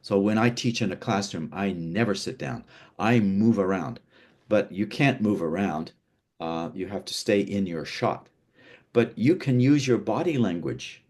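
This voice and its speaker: A man's voice: fairly low pitch, lively intonation, measured pace, a little mellow. A man from North America teaching an online lesson on speaking and presentation, with frequent restarts and emphatic demonstrations while seated indoors. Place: seated indoors, away from a window.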